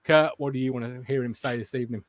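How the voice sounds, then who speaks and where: A man's voice: mid-range voice, steady tone, quick pace, a little hiss or hum. A man with an English accent hosting a football fan show, chatting casually and reading out viewer comments. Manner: banter, reads viewer comments aloud.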